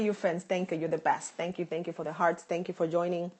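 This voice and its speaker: A woman's voice: fairly low pitch, level tone, brisk, a little mellow. A woman in her late thirties with a Boston accent, hosting a live phone stream with a sore throat, upbeat and effusive as she thanks viewers. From Dominican Republic. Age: 30s. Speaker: live-stream host and stylist. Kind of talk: live-stream chat reading viewer comments.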